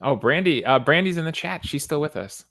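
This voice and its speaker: A man's voice: a little high, animated, fairly quick, fairly bright tone, no echo, clean studio sound. A man hosting an online show in casual chat, easygoing and guiding the talk. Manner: easygoing, runs the show with light laughs. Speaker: host.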